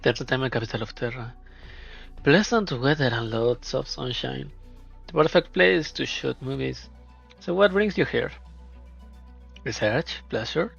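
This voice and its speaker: A man voicing a shrewd, flamboyant female film producer who talks in a smooth, probing, flattering way. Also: mid-range voice, measured pace, long pauses, exaggerated voice. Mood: coaxing. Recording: dull lo-fi, faint music.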